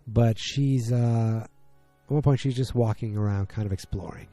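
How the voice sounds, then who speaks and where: A man's voice: medium pitch, a little slow, mellow, dry recording, faint music behind. A man hosting a podcast from his home basement, recapping an episode casually with lots of fillers and restarts. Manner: rambling, many fillers and restarts. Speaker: podcast host.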